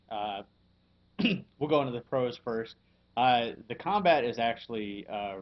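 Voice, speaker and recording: A man hosting a casual podcast and reviewing a video game. He talks in a halting way, with lots of fillers and frequent chuckles. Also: fairly low pitch, highs cut off.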